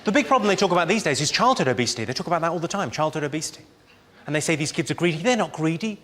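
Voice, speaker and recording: A man doing stand-up comedy on stage before a live audience, delivering one-liners in a dry, deadpan way. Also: on the high side, rapid-fire. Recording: loud noisy live audience recording.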